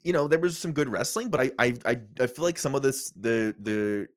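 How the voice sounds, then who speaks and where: A man's voice: mid-range voice, lively intonation, brisk, dry recording, clean studio sound. A man co-hosting a casual livestream review chat, thinking aloud and often repeating words as he hesitates. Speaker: co-host.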